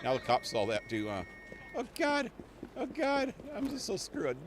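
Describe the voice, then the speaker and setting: A man's voice: high-pitched, huge pitch swings, a little slow, noisy background. A man livestreaming a video game, commenting casually, laughing often and swearing in passing. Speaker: gaming livestreamer. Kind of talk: live gameplay commentary. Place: small home.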